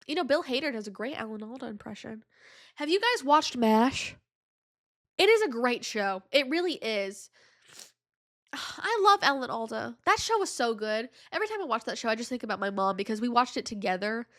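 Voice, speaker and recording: A woman's voice: fairly high pitch, expressive, moderate pace, fairly bright tone. A woman hosting her podcast in casual solo chat, rambling and drifting between thoughts, with a stuffy nose. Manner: rambling, digressive, heavy use of "like". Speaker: podcast host.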